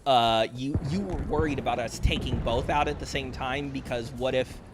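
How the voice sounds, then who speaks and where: A man's voice: mid-range voice, moderate pace. A man chatting casually with his siblings while gaming, rambling and teasing them. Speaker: gamer. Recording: noisy game audio behind.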